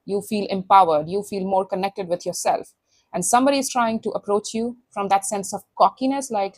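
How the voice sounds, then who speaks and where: A woman tarot reader talks straight to her viewers in a blunt, sassy way, slipping into imagined voices. Her pitch sits in the middle, and the sound is close and dry with no room echo. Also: a little fast. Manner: sassy, blunt, acts out quoted inner voices. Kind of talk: casual tarot reading to camera.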